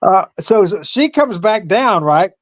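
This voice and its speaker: An older former pro wrestler telling stories in a casual interview, halting often with fillers and laughing along the way. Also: male voice, high-pitched, animated, dry recording.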